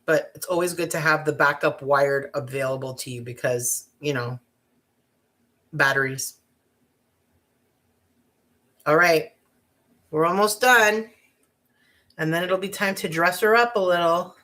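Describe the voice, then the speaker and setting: A woman's voice: sits low, measured pace, long pauses, bright, forceful tone. A woman giving a casual crafting tutorial, chatty and bubbly with giggly asides. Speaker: craft vlogger.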